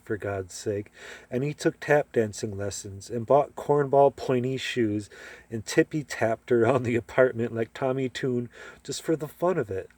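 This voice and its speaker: A man's voice: medium pitch, mellow, no room sound. A man reading a short story aloud, telling it expressively and acting out the dialogue. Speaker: reader.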